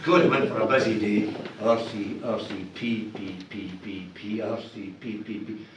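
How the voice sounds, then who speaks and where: Speaking at normal speed with fairly even intonation, this lowish-voiced older man has a Scottish accent. He's giving an after-dinner speech in a big function hall, cracking jokes and switching voices for punchlines. It's captured from far off in an echoey hall with a noisy background.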